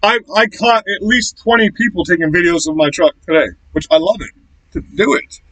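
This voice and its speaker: A political vlogger from Florida, speaking in a small shack, rants with angry, confrontational aggression and plenty of swearing, all at high volume. He talks a little fast in a high voice. The recording is dry and the audio poor.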